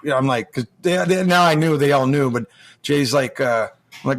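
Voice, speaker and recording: An American man spins long, loose stories in an easy, mid-pitched voice. He keeps stopping, restarting and acting out what other people said. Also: normal speed. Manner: rambling, full of restarts and acted-out quotes. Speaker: guest, former hockey player. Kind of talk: casual storytelling.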